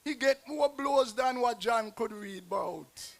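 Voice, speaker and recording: A man with a Nevisian Creole accent performing a rhyming dialect poem as a guest poet, with a rhythmic delivery and dramatic swings in loudness. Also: very high-pitched, a little slow, creaky. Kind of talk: performance poetry recital. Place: outdoor stage at a festival square.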